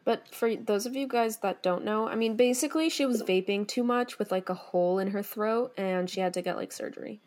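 A woman's voice: medium pitch, fairly quick, hardly any pauses. A young woman co-hosting a podcast, chatting loosely and filling gaps with "like" and "um". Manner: relaxed, filler-heavy chatter. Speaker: podcast co-host. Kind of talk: casual chat.

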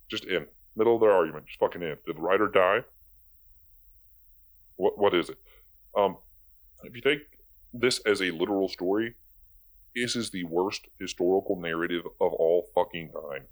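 This video commentator is a young man whose low voice keeps a normal speed, broken up by long pauses. His casual rant is sarcastic and exasperated, full of free-flowing profanity.

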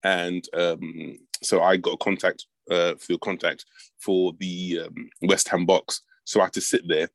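Chatty low-voiced British man. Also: unhurried, vocal fry, no echo, poor audio. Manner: chatty, says "mate" a lot, animated storytelling. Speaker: podcast guest. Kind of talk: casual chat.

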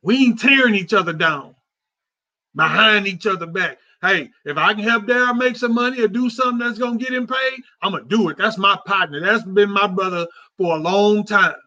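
On a dull, lo-fi recording, a male host with a bright, high voice leads a casual talk show. He speaks at a normal pace, sounding heartfelt and conversational while repeating himself.

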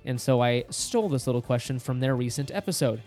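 A man's voice: mid-range voice, animated, brisk, a little mellow, faint music behind. Upbeat man co-hosting a podcast. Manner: upbeat, explains figures, teasing quizmaster. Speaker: podcast co-host. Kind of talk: casual podcast chat.

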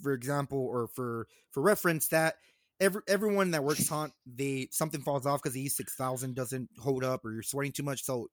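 A man's voice: medium pitch, a little fast, no room sound, studio quality. A man co-hosting a casual podcast, telling stories in a laid-back way with frequent laughs. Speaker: podcast co-host. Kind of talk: casual chat.

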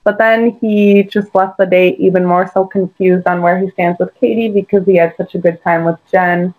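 A woman's voice: fairly low pitch, fairly even intonation, normal speed, darkish tone, poor audio. A woman co-hosting a casual podcast, chatty and full of "like" and "um". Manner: chatty, lots of "like" and "um". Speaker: podcast co-host. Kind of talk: casual chat.

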